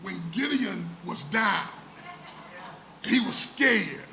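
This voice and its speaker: A man's voice: high-pitched, lively intonation, very slow, bright, forceful tone. A man preaching a sermon as pastor, dramatic, with rhetorical questions and lots of repetition. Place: church sanctuary. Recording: echoey church room with background noise.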